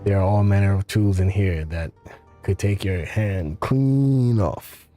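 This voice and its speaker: A man voicing a pleasant, cultured male engineer with a faint Russian accent, speaking politely and in a measured way. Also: fairly low pitch, dark tone, faint music behind, close to an everyday voice. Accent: faint Russian, put on.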